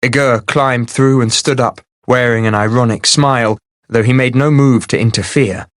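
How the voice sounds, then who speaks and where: Male audiobook narrator, measured and even, dry close recording. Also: medium pitch, dry recording. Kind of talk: scripted narration.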